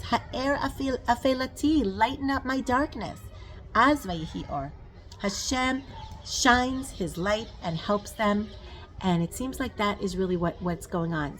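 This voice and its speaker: A woman giving a spoken Torah lesson, earnest and emphatic, mixing in Hebrew terms and slowing down to stress key words. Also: medium pitch, slight background noise. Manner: rises and slows on emphasis, frequent fillers. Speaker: Torah teacher.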